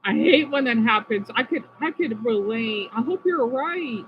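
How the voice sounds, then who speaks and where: A woman's voice: on the high side, animated, normal speed, muffled recording, slight background noise. A woman live-streaming in a casual, chatty way, talking to viewers by name and sounding out unfamiliar words. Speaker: livestreamer reading chat.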